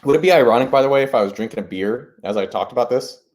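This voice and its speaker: A man hosting a live stream, talking in a casual, rambling way, excited and swearing freely. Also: medium pitch, racing. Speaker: host.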